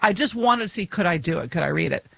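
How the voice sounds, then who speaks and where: A woman's voice: on the low side, animated, quick pace, vocal fry, fairly bright tone, no room sound. A woman co-hosting a podcast, chatting casually and telling stories with frequent laughs. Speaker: podcast co-host. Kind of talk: casual chat.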